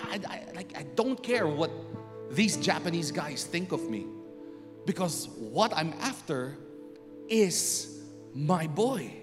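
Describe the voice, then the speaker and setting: Guy telling a story, bouncy animated delivery, long hall echo, music going behind him. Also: fairly high pitch, a little slow. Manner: animated, acts out scenes and voices. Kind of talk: storytelling talk to an audience.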